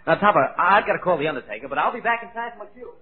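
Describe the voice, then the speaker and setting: Quick eager scheming male ghost. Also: sits high, lively intonation. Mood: coaxing. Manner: coaxing, eager, stammering. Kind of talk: 1940s radio comedy acting. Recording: tinny old radio broadcast.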